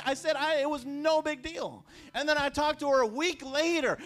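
A man preaching a sermon as pastor, talking in a conversational way with repeated phrases and restarts, dropping quiet and then rising loud. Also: extremely high pitch, expressive, moderate pace, faint music behind. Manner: swings between hushed and raised. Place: church sanctuary.

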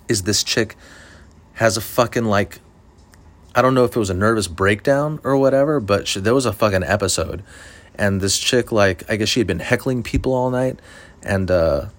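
A man, a stand-up comedian, telling a story in a rambling, profane, casual way with lots of fillers. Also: lowish voice.

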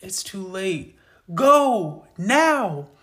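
A man voicing a badly wounded dying father who speaks slowly in a strained, pained voice. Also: a little high, level tone. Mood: urgent. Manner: slow, strained, pained pleading.

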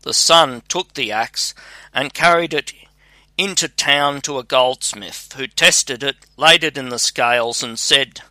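Slow, bright-voiced male storyteller. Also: medium pitch, dry recording. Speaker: audiobook reader. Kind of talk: scripted storybook narration.

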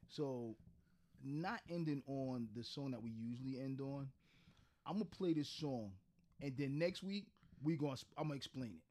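A man co-hosting a podcast in casual chat, reacting loudly and laughing often. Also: medium pitch, normal speed, a little hiss or hum. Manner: reactive, laughs a lot, loud exclamations. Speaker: podcast co-host.

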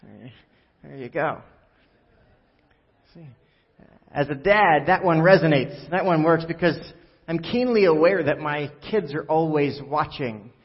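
A man's voice: a little high, a little slow, long pauses, husky. A man preaching a sermon as pastor, conversational and joking, with many fillers. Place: church hall. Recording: echoey hall, dull sound.

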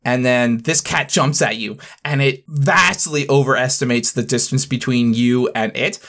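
A man narrating as game master for a tabletop game. He describes each scene in a relaxed, descriptive way, with an average pitch. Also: normal speed.

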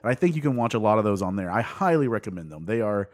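A man's voice: fairly low pitch, lively intonation, fast talker. A man co-hosting a podcast, talking in a casual, joking way with frequent laughs and asides. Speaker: podcast co-host.

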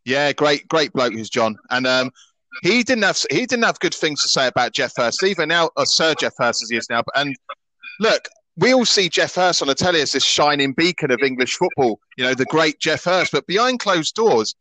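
A man's voice: on the high side, sing-song, moderate pace, sharp tone, no echo, rough recording. A man hosting a podcast who talks hesitantly, with lots of fillers, in casual interview chat. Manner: hesitant, filler-heavy, easy laugh. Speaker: podcast host.

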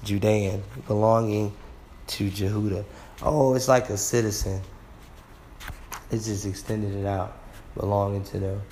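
A man, slowly working through a Bible word study, sounding out words and marveling with frequent exclamations. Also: fairly low pitch, steady tone, darkish tone, a little hiss or hum.

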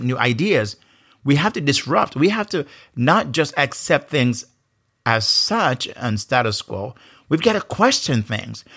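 A man's voice: medium pitch, fairly bright tone. A man with a Jamaican accent hosting a motivational leadership podcast, earnest and emphatic, often asking rhetorical questions. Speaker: podcast host.

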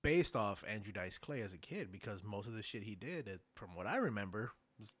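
A man's voice: fairly low pitch, very animated, a little fast, a bit bright. A man in a casual podcast chat, reacting in a laid-back way with swearing and musing about comedians. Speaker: podcast co-host.

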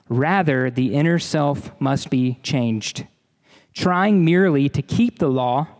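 A pastor delivers an earnest, emphatic sermon, leaning on repetition to drive his points home. His voice sits a little high for a man. The sound carries the long reverb of a large hall. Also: a little mellow.

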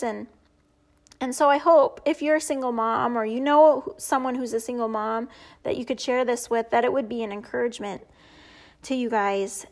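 A woman hosting a podcast, giving an earnest, heartfelt personal faith testimony and closing in prayer. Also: fairly high pitch. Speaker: podcast host.

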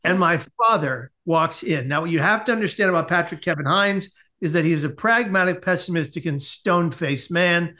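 A man, a podcast guest, telling a comic personal story with lively asides. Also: fairly high pitch, a little fast, few pauses. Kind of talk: animated storytelling in a podcast interview.

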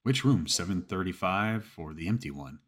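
A man voicing an easygoing, chatty young male college junior, read in a low, husky voice. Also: lively intonation, moderate pace. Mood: casual.

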